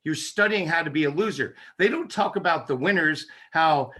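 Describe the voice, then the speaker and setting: A chiropractic neurologist, guesting in a casual interview chat, makes his points emphatically and persuasively with punchy repetition. His voice is a little high, bright and forceful, and he talks briskly with hardly any pauses.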